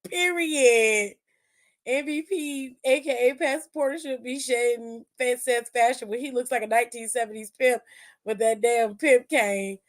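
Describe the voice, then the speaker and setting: A woman's voice: on the high side, steady tone, moderate pace. A woman giving a rowdy, profane comedic recap of a wrestling show, laughing often and telling it with lots of animation.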